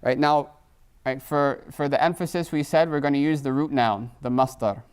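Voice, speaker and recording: Speaking at a moderate pace in a clean-toned voice on the high side, a middle-aged man teaches a live Arabic grammar class. He explains patiently, switches between English and Arabic terms, and keeps checking in with "right?".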